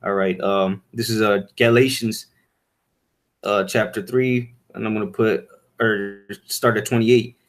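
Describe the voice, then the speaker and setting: A man giving an informal Bible lesson, halting with many fillers and "all right?" tags, and reading verses aloud in old-fashioned wording. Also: fairly low pitch, fairly even intonation. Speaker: Bible teacher. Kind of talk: informal scripture teaching.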